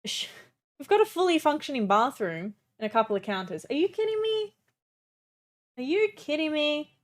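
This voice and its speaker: A young adult woman streamer giving casual, excitable gameplay commentary, chatty and swearing often. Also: high voice, fairly quick.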